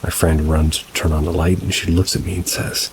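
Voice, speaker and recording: Deep-voiced man narrating ghost stories over rain. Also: brisk, noisy background. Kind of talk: scripted narration of reader-submitted stories. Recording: rain sounds mixed behind the voice. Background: steady rain ambience.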